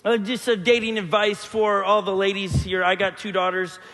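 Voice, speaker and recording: Man, pastor, sermon, humorous storytelling, high voice, long hall reverb. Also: little pitch movement, moderate pace, fairly bright tone. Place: church hall.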